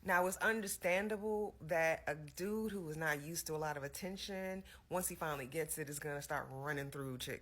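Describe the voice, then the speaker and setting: Casual vlogger, bright voice, mid pitch, chatty opinion commentary, lots of filler words. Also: moderate pace, hardly any pauses. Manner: loose and conversational, heavy on "like" and "you know what I'm saying".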